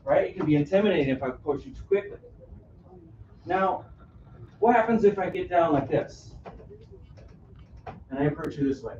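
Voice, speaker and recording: A man's voice: a little high, sing-song, normal speed, pauses often, a little mellow, a little hiss or hum. Man teaching a roomy workshop, often asking "right?". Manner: engaging, asks the audience questions, frequent "right?". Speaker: caregiving workshop presenter. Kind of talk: live interactive workshop talk. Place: room on a cruise ship, live audience. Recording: roomy, distant, dull audio.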